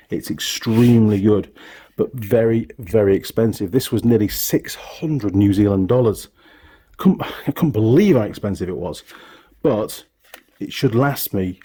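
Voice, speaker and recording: A man's voice: lowish voice, dark tone, husky. A middle-aged man from the UK, chatting casually as he shows his tools in his home workshop, rambling and correcting himself. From United Kingdom. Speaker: workshop YouTuber, mechanic. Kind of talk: casual tool tour talk.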